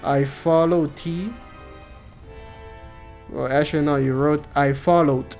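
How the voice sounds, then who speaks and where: A male streamer chats casually with his viewers while he plays. His voice sits a little high, and he jokes around and swears freely. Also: steady tone, takes it slowly, creaky, darkish tone, soft background music. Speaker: game streamer.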